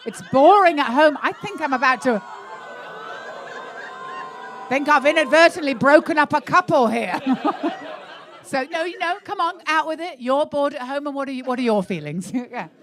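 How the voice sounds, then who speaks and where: A woman's voice: high-pitched, expressive, normal speed, a bit bright. A middle-aged woman doing live stand-up in a comedy club, blunt and sweary, teasing audience members about their relationships. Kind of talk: live stand-up crowd work.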